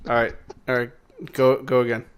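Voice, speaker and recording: A man hosting a gaming channel, giving casual gameplay commentary in a relaxed way with filler words. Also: mid-range voice, moderate pace, clear, resonant tone, faint music behind.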